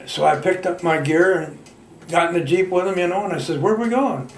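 A man in his nineties from Michigan, a veteran telling his war memories in a halting, folksy way with plain colloquial grammar. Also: a little high, fairly even intonation, echoey room, far from the mic. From Michigan, United States. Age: 90s. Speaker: veteran interviewee. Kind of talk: oral history reminiscence.

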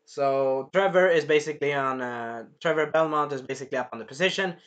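An animated man chatting through an episode recap with a bright, forceful voice set slightly high. He swears freely and breaks into acted lines and sound effects as he goes. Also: brisk. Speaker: show reviewer.

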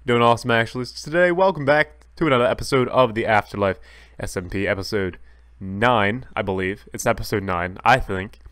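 A man's voice: fairly low pitch, fairly quick, fairly bright tone, smooth, dry recording. A man giving casual, chatty commentary over his own gameplay, talking straight to viewers and correcting himself as he goes. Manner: jokey, talks straight to viewers. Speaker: gaming YouTuber.

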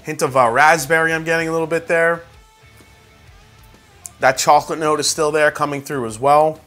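A man talks through a whiskey tasting in a casual, chatty way, full of "like" and "uh" and excited reactions. His voice is bright and forceful and sits a little high for a man. Soft music plays faintly underneath. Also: normal speed. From New York. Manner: chatty, many fillers like "like" and "uh". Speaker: whiskey reviewer.

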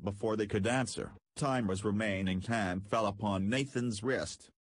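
Low, husky male audiobook narrator. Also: a little slow, dry recording. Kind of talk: scripted narration.

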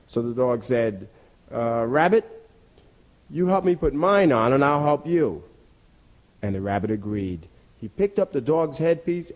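A man telling a folk tale in a rhythmic, repetitive, expressive storytelling style. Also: medium pitch.

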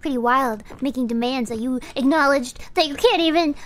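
A woman's voice: sits high, slow, gravelly, faint music behind. A woman streaming herself playing a game, chatting casually in a playful, teasing, giggly way. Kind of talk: casual gameplay commentary.

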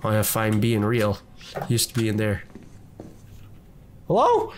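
A man's voice: on the low side, monotone, normal speed, slight background noise. A man giving casual let's-play commentary from his desk at home, jumpy and chatty, talking to the enemies on screen. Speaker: gaming video creator.

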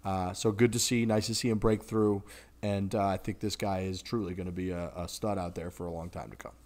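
A man co-hosting a golf podcast, talking in a rambling, profane, animated way about the tour. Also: sits low, brisk. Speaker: podcast co-host. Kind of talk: casual golf podcast chat.

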